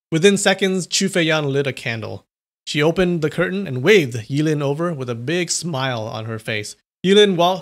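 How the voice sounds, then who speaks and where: A man's voice: medium pitch, vocal fry. A man reading a novel aloud on a live stream, stopping to chat about viewers' comments. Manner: chatty, reacts to viewers' comments.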